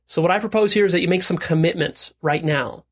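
A man's voice: a little high, fast. Blunt man coaching self-help affirmations. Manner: blunt, coaching, leads repeat-after-me affirmations. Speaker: self-help video host. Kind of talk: direct-to-camera self-help talk.

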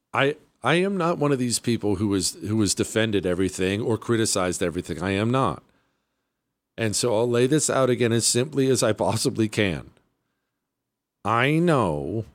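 A man hosting a talk radio show, speaking bluntly with a sarcastic edge. His pitch swings widely as he leans on repeated words for emphasis. The studio sound is dry and close, with no room around him. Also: no echo. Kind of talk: opinionated radio monologue.

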